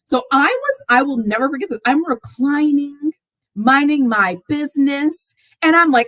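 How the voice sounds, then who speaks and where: A woman chats on a live sports stream in a high, lively voice that swoops way up when she gets worked up. She laughs through her sentences and exclaims often. The sound is dry and close. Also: moderate pace, no echo, poor audio. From Texas fan, not origin. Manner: animated, laughs often, exclaims in rising squeals. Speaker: sports talk livestream host. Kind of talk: casual live chat.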